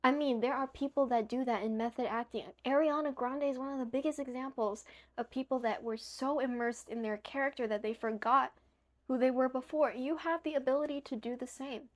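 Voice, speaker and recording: A woman's voice: sits high, fairly even intonation, fairly quick. A young woman talking straight to the camera, giving earnest, emphatic motivational advice and sometimes correcting herself mid-word; she sounds a little tired. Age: young adult.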